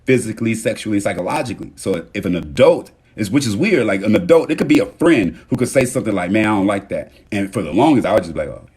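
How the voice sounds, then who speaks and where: A man with a husky, slightly low voice hosts a casual motivational livestream into his phone. He speaks directly to his viewers and thanks them by name. His delivery swings from loud, emphatic bursts to soft, low murmurs. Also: big pitch swings, fast, few pauses. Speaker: livestream host.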